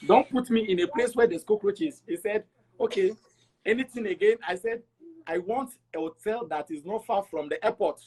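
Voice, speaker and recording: A middle-aged man from Togo, an interview guest, telling his travel story in an animated way and acting out the dialogue. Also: sits high, moderate pace. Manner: animated, acts out dialogue with repeats.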